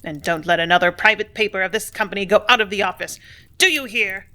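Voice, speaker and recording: A loud, blustering male factory superintendent, as a woman reads him in a storybook voice. He snaps and bullies, pushing his lines hard and forcefully. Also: mid-range voice, quick pace, lightly acted. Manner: loud, brusque, bullying.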